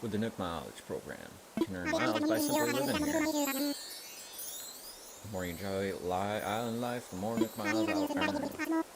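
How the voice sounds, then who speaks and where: A man's voice: lowish voice, huge pitch swings, normal speed, a loud crowd, pitched above the performer's own voice. A man voicing a polite male raccoon shopkeeper in a put-on Southern accent, reading game dialogue aloud in a formal, courteous way.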